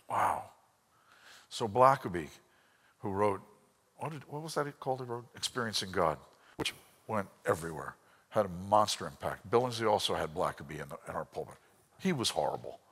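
A low-pitched man preaches a lively Bible lesson, telling stories and voicing the people he quotes, now and then dropping to a near whisper. His voice rings with a long reverb, as in a church hall. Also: moderate pace, pauses often, slightly rough. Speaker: Bible teacher. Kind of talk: lively sermon with anecdotes.

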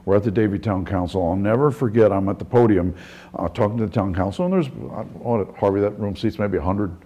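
A man's voice: fairly low pitch, fairly quick, mellow, slightly rough, highs cut off. A middle-aged man preaching a sermon as a pastor, telling stories conversationally and often restarting his sentences. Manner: conversational storytelling with frequent restarts.

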